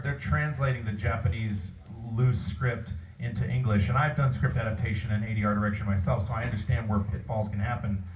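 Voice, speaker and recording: A man's voice: medium pitch, distant mic. Man telling stories in an echoey hall. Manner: rambling, animated anecdotal storytelling. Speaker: voice actor panel guest. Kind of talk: convention Q&A answer. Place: convention panel hall. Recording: roomy hall, voice picked up from afar.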